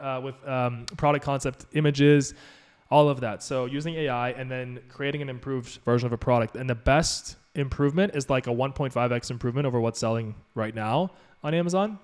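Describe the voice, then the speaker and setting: A man's voice: medium pitch, steady tone, a little fast, darkish tone, clear, resonant tone. A man hosting a live stream as an online business mentor, answering chat questions in a casual, upbeat, rambling way with lots of "you know" and restarts.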